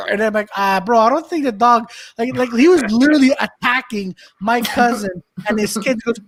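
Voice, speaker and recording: A man's voice: extremely high pitch, fairly quick, hardly any pauses. A man co-hosting a casual comedy podcast, telling a story and acting out the people in it. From Montreal. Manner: animated storyteller, acts out quotes. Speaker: podcast co-host.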